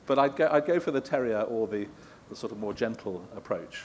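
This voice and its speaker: Low-voiced man, chuckling storyteller. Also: animated, brisk, slight background noise. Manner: self-deprecating, chuckling, rambling asides. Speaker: guest interviewer at a live event. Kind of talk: anecdotal talk answering audience questions.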